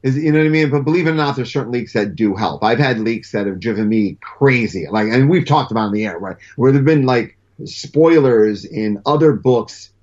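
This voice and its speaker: A man's voice: medium pitch, lively intonation, a little fast, hardly any pauses, a little mellow. A middle-aged man in casual chat as a guest, telling stories animatedly and often stammering and restarting his sentences. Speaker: comic book writer guest. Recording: dull lo-fi sound.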